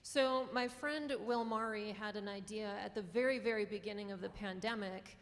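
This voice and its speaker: A woman with a North Dakota accent, a journalism professor and newspaper publisher from the western part of the state, gives an impassioned, earnest conference talk dotted with small laughs. Her voice is medium-pitched at a moderate pace, echoing in a large lecture hall.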